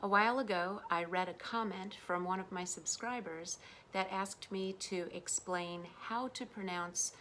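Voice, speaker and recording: A woman's voice: on the low side, unhurried, a bit bright, slight background noise. A woman with an American accent teaching English pronunciation in a casual, unscripted lesson, patient and full of ums as she demonstrates sounds.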